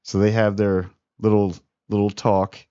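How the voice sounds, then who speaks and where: A man's voice: fairly low pitch, level tone, unhurried, dark tone, clear, resonant tone, no room sound, highs cut off. A man giving a rambling, slangy, laid-back spoiler review of a TV episode. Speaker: TV show reviewer.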